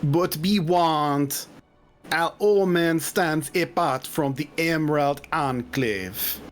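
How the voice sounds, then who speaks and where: A man's voice: fairly high pitch, slow. Casual male game master, faint music. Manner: relaxed, chuckling, casual narration. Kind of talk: narrating a tabletop game.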